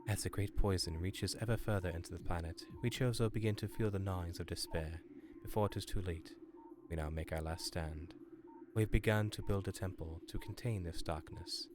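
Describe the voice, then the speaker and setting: A man voicing a solemn ancient alien chronicler in a slow, grave reading voice with a slight English lilt, reading game lore aloud. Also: low voice, noisy background, pitched below the performer's own voice, lightly acted.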